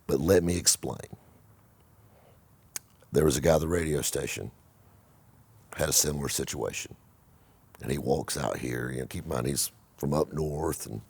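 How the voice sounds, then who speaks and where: A man hosting his own channel, giving blunt, animated motivational talk to the camera and swearing freely. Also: rumbling low, moderate pace, vocal fry, long pauses, breathy edge. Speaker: car vlogger and host.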